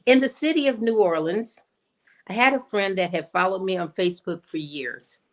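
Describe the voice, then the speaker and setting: A woman minister giving an inspirational sermon as a personal story, slowing down to stress her points. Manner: storytelling, acts out quoted voices with big pitch jumps; slows down for emphasis. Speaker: guest minister. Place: streamed in from home or studio.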